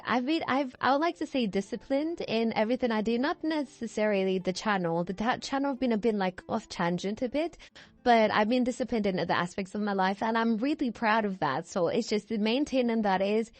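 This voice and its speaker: A woman's voice: a little high, no echo. Tired woman rambling in a voiceover. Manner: chatty, meandering, self-correcting. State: tired, yawning. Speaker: video creator. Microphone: voiceover microphone.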